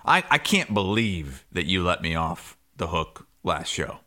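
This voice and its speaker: A man co-hosting a sports podcast, telling a story in casual chat and shouting the quoted lines loudly. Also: low voice, very animated, unhurried. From Iowa. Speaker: podcast co-host.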